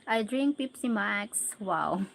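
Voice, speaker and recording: A woman's voice: mid-range voice, lively intonation, takes it slowly, creaky, slight background noise, rough recording. A Filipino woman hosting a casual livestream, chatting with viewers and often laughing as she reads their names and comments aloud. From Philippines. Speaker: livestream host.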